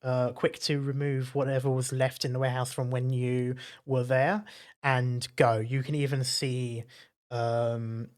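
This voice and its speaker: Relaxed man narrating a tabletop game. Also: medium pitch, unhurried, clear, resonant tone. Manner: descriptive, relaxed, many fillers. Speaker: dungeon master.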